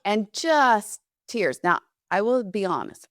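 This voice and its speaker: Female podcast host, mid pitch, candid storyteller, dry close recording. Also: sing-song, slow, a bit bright, no room sound. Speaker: podcast host and fitness instructor. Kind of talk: conversational podcast talk.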